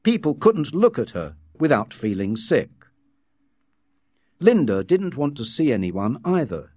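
A man reads a story aloud at an unhurried pace, his intonation rising and falling freely. The recording is close and dry, and the narration sounds measured and scripted. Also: medium pitch, sing-song, mellow, no echo. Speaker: audiobook reader.

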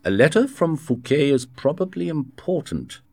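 A man reading a storybook voices a cunning musketeer, speaking in a smooth, insistent way. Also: fairly high pitch, big pitch swings, moderate pace, darkish tone, no echo, voice pushed up. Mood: persuasive. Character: cunning scheming male musketeer, persuasive.

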